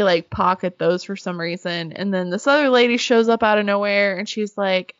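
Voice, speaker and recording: A woman's voice: mid-range voice, moderate pace, no room sound, muffled recording. A woman retelling a show in a casual, sarcastic chat, laughing and swearing as she goes.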